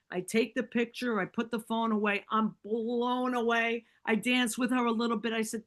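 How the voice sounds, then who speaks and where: Woman podcast guest, fairly high-pitched, animated casual storyteller with a chatty, filler-heavy delivery. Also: moderate pace, few pauses. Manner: animated, acts out quoted dialogue; fillers like "like" and "right?".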